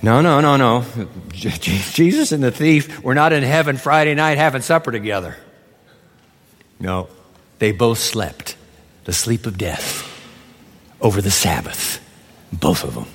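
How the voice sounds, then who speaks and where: Animated preacher in a reverberant hall. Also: male voice, medium pitch, measured pace, pauses often. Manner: animated, acts out biblical dialogue. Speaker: pastor. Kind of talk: sermon. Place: large church hall.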